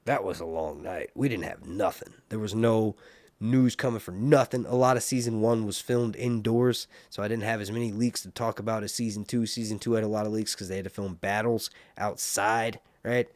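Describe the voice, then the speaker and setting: A man's voice: on the low side, normal speed, darkish tone, no echo. A man hosting a casual live stream, rambling and joking while he reads viewer comments. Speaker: live stream host reviewing a TV series.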